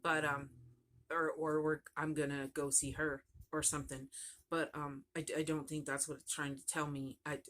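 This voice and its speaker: A woman's voice: sits low, flat delivery, moderate pace, fairly bright tone. A woman vlogging casually about her crochet project, rambling and chatty, often trailing off and starting over. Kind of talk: casual chat to camera.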